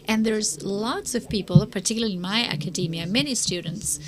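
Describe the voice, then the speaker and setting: A woman's voice: mid-range voice, fairly quick. A woman speaking at a conference, answering audience questions in an earnest, encouraging way and often repeating words as she starts a sentence. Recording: live conference with audience noise.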